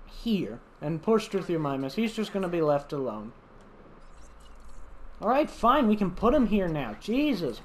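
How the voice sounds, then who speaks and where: A man giving casual, playful commentary while playing a video game, chatting to the animals on screen and thinking out loud. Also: high voice, a little hiss or hum. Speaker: gaming channel host.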